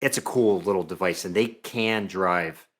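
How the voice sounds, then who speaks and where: A man's voice: low-pitched, moderate pace. A man talking as a podcast guest in casual chat, easygoing with many fillers. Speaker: guest, reviewer.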